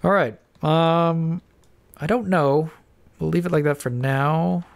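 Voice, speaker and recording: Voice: mid-range voice, slow pace, gravelly. Stuffed-up, mumbling gamer thinking aloud. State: stuffed-up nose. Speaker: Minecraft let's-player. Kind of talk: casual building commentary.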